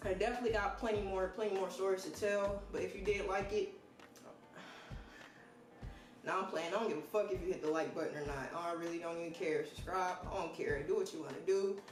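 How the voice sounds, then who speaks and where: A man's voice: sits high, fairly even intonation, quick pace, few pauses. A man telling a casual storytime to camera, loose, profane and joking as he goes. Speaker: vlogger. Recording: roomy echo with faint music.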